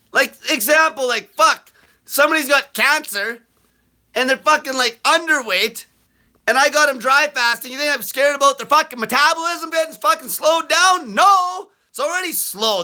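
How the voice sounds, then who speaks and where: A man hosting a live question-and-answer show, ranting bluntly and aggressively, swearing constantly and breaking into shouts. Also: extremely high pitch. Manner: fast bursts of shouting. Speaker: host answering viewer questions. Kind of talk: live Q&A rant.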